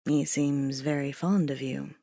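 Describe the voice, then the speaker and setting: Casting: woman as a composed, rule-bound man, measured with a quiet bite, dry sound. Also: sits low, steady tone, vocal fry, no room sound, pitched below the performer's own voice, heavily acted. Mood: cool. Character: calm, stern male rule-follower with a cool bite.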